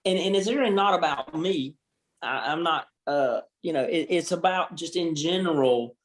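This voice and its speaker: A man with a Southern accent talks frankly as a podcast guest. His voice sits a bit higher than most men's, and he tells his stories with plenty of energy. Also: moderate pace. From Georgia, US. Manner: candid, animated storyteller. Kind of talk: casual podcast interview.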